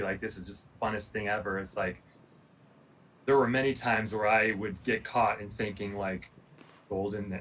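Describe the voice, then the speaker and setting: A man in his forties, a former Olympic pole vaulter, giving a casual motivational talk in a rambling, animated storytelling way with lots of fillers. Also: lowish voice. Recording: distant mic, faint room noise.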